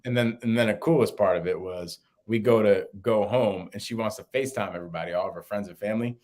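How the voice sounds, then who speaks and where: A young man, co-host of a podcast, telling a story in casual chat and acting out quotes in a higher voice. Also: fast. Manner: animated, acts out quotes in a higher voice.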